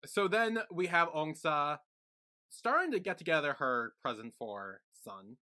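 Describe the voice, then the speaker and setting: A podcast co-host in casual chat, retelling scenes with drawn-out fillers, some swearing and laughter. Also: mid-range voice, very animated, sharp tone.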